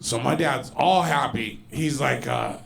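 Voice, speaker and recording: This stand-up in his forties has a mid-range voice with vocal fry and speaks a little slowly. He tells loose, profane stories in a club, slipping into loud, exaggerated voices.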